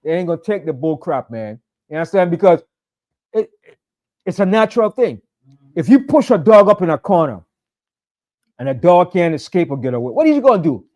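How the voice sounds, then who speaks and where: A man's voice: a little high, big pitch swings, brisk, long pauses, darkish tone. A man leading a sabbath service, preaching in a fiery, conversational way with emphatic repetition. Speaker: pastor. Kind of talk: sermon.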